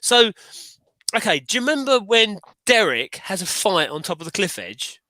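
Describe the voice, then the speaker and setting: A man's voice: sits high, very animated, normal speed, bright, forceful tone, dry recording. A man co-hosting a casual livestream chat, enthusiastic and rambling, with many restarts. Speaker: livestream co-host.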